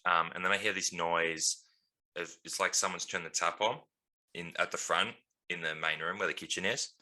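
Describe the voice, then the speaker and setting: A low-pitched man with a bright, forceful tone, co-hosting a casual podcast. He rambles through a story with frequent ums and laughs, talking like he's among mates. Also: steady tone, normal speed. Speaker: podcast co-host.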